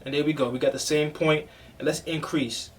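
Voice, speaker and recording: A man's voice: fairly high pitch, fairly even intonation, fairly quick, recorded from a distance, slight background noise. A man, a music producer, casually walking through a tutorial on his screen, loose and chatty with fillers. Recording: voice a bit off-mic over music.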